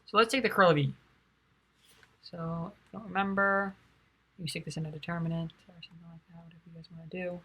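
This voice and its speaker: A tired young woman quietly working through a physics derivation, thinking aloud in a soft, low-key way with many fillers. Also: steady tone, quick pace, breathy edge. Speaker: physics tutor.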